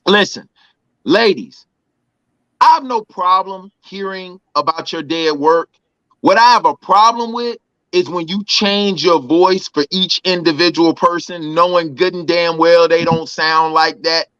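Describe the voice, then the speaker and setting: High, bright-voiced man riffing comically. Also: measured pace, clean tone, no room sound, highs cut off. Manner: animated, mocking imitations of women's voices. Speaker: podcast co-host. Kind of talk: casual comedic group chat.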